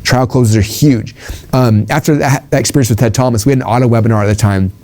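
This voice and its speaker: A man's voice: medium pitch, fairly even intonation, fast talker, a little mellow. A man giving an informal sales training talk, rambling with ums and restarts and acting out quoted conversations.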